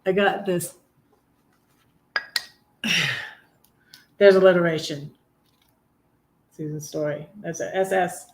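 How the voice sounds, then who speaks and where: A middle-aged woman hosting a live stream, chatting casually and reading her own poems in a halting, heartfelt way with many ums and restarts. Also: lowish voice, steady tone, slight background noise. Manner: halting, full of ums and restarts, soft laughs; heartfelt, gets emotional while reading. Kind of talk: casual livestream chat and poetry reading.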